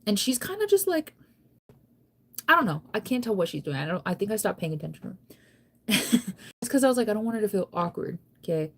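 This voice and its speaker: A woman's voice: mid-range voice, very animated, fairly quick, pauses often, a bit bright. A young adult woman chatting casually to camera, telling a long story in a rambling way with lots of "like" and restarts. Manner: chatty, rambling, heavy use of "like". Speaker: vlogger.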